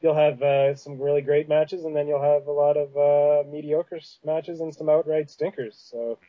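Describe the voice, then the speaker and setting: A man's voice: on the high side, steady tone, normal speed, muffled recording. Man with a Canadian Prairies accent. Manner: rambling, many fillers and restarts. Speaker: podcast host. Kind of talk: casual chat.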